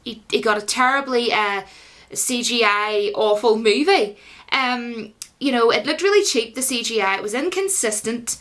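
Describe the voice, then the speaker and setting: A young woman gives a casual video review of a film. She is blunt and opinionated, talks directly to her viewers, and fills her speech with "you know" and "like". Her voice sits a little on the high side. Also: normal speed, a bit bright. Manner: blunt, opinionated, full of fillers. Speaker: movie reviewer.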